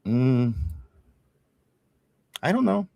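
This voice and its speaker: A man's voice: medium pitch, very animated, drawn-out words, gravelly, mellow, no echo. A man with a Pittsburgh accent hosting a casual sports talk show, reading viewer comments aloud, chatty, with frequent laughs and restarts. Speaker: podcast host reading live chat.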